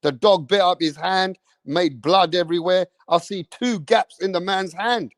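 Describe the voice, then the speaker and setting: A man, hosting a live stream, telling rambling stories in an animated way, swearing often and tagging lines with "bruv". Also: high-pitched, unhurried, no room sound, studio quality. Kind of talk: rambling storytelling.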